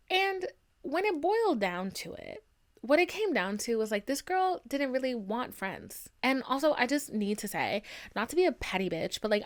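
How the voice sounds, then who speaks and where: A woman's voice: medium pitch, fairly bright tone. A young woman hosting a podcast, ranting casually in a blunt, profane way with lots of "like" fillers. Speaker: podcast host. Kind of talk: casual solo podcast rant.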